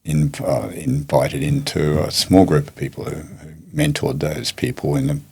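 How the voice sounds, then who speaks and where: A man, a podcast guest telling stories in a reflective, unhurried way. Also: extremely low pitch, little pitch movement, gravelly, a little mellow, slightly rough. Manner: reflective, unhurried anecdotes with many restarts. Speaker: martial arts teacher and guest. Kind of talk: storytelling in a podcast interview.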